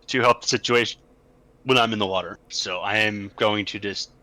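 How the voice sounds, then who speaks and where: A man at a tabletop game explaining his move, clearing his throat often. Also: fairly low pitch, fairly even intonation, unhurried, pushed and bright, dry recording. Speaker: player. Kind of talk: casual chat in a tabletop game.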